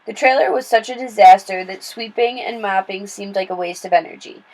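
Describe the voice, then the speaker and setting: A woman reading a children's novel aloud in steady, plain storytelling with small slips and restarts. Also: medium pitch, brisk, few pauses, poor audio. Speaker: read-aloud narrator.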